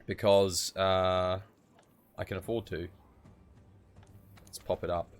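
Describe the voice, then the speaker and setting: Tired guy streaming, chatty and laid back, lowish voice, some music behind. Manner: chatty, laid-back, gives gear advice. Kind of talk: casual live-stream chat.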